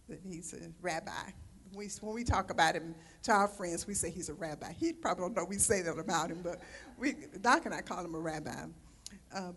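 Woman minister warming up a church congregation with a heartfelt testimonial introduction. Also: lowish voice, breathy edge. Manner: fervent, testimonial, with frequent amens. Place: church sanctuary.

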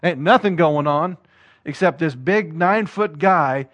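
A man's voice: on the high side, unhurried, a bit bright, lo-fi sound. A man preaching a sermon, reading scripture and acting out voices with questions to the congregation.

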